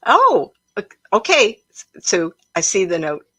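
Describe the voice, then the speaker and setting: A woman psychic medium hosting a livestream, telling stories in an emotional, animated way and often breaking into laughter. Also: mid-range voice, husky. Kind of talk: casual livestream storytelling.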